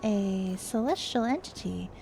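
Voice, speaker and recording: A woman streamer chatting casually and excitedly with her viewers. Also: medium pitch, measured pace, gravelly, a little hiss or hum. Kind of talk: casual live-stream chat.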